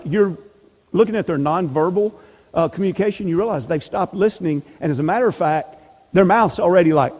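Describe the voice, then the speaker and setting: Church class teacher, male, mellow slightly high voice, emphatic rhetorical delivery, long hall reverb. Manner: emphatic, asks rhetorical questions. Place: church meeting room.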